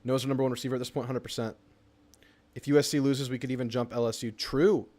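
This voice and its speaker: A man's voice: mid-range voice, fast talker. A young man, hosting a live fan stream about college football, reading chat comments and reacting to a game. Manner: excitable, reads chat comments aloud. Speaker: sports talk show host.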